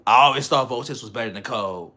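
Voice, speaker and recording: A man's voice: medium pitch, fast, sharp tone. A man chatting casually on a livestream, rambling in slang and laughing often.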